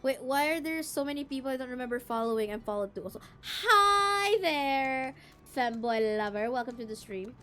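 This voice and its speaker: A young woman from the Philippines, streaming a game and chatting with viewers. Her voice is pitched high and put on to sound sweet and girlish. Faint game music plays under her talk. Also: fairly even intonation. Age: young adult. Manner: deliberately cute, girlish voice. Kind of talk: casual gameplay chat.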